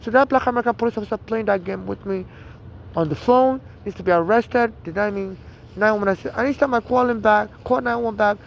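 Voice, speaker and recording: A man's voice: sits high, fast, gravelly. A man with a Nigerian accent telling a long story in an agitated, rambling way, full of restarts and "you know". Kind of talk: casual storytelling monologue. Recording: dull lo-fi outdoor recording with traffic.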